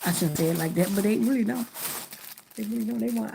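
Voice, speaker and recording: A woman's voice: medium pitch, quick pace, gravelly, warm tone, a little hiss or hum. A middle-aged woman chatting casually on a live stream, greeting viewers by name while she works on gift baskets indoors.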